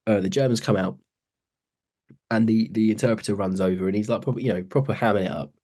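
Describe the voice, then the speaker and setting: Man, podcast co-host, low-pitched, chatty and laughing, acts out scenes. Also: fairly quick, darkish tone, slightly rough. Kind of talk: casual chat.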